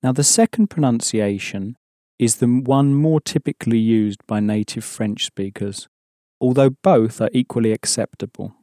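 A man's voice: medium pitch, normal speed, dark tone, no echo, clean studio sound. A man teaching an audio language course, patiently explaining and prompting the learner to answer.

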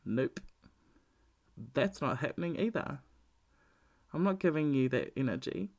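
A man's voice: fairly high pitch, animated, measured pace. A man giving a blunt, profane, candid talk about emotional healing, repeating his points for emphasis.

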